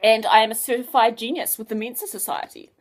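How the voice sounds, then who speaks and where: A woman's voice: a little high, fairly even intonation, fast talker, natural voice. Storybook hero: a woman playing a prim, know-it-all teenage boy spy. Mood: earnest. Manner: prim and matter-of-fact. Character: earnest eighteen-year-old male boy spy, brave and know-it-all.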